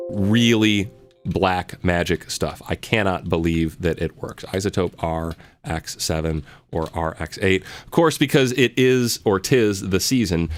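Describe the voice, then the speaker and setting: A man's voice: fairly low pitch, no echo. A man teaching a live online music lesson, answering viewer questions in a chatty, rambling way with many fillers. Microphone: close studio mic.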